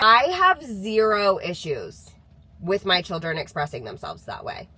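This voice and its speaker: A woman's voice: mid-range voice, huge pitch swings, unhurried, bright, forceful tone, low-quality recording. A woman in her thirties, a mother chatting candidly to camera about parenting, laughing now and then as she talks. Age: 30s. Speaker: mom sharing parenting views. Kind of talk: casual talking-to-camera vlog.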